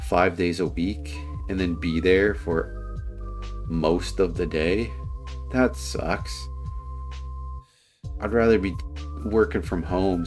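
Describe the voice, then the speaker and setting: A man casually commenting on a video, rambling and earnest, tired with a dry throat. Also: deep voice.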